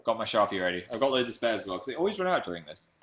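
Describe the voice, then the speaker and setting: A man's voice: fairly low pitch, very animated, rapid-fire, a bit bright, slight background noise. A young man from England hosting a casual live stream, chatting playfully and reading out viewer comments.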